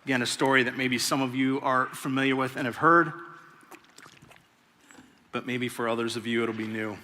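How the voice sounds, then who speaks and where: A male pastor giving a sermon in an animated, conversational way and acting out the people in the story. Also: mid-range voice, moderate pace, slight background noise. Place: large church hall. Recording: long reverb of a big church hall.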